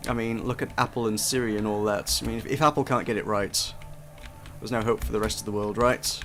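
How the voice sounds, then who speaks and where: A man's voice: fairly low pitch, steady tone, brisk, fairly bright tone, slight background noise. A young man giving casual, chatty first impressions of a game, self-deprecating and often restarting his sentences. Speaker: game reviewer. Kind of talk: casual gameplay commentary.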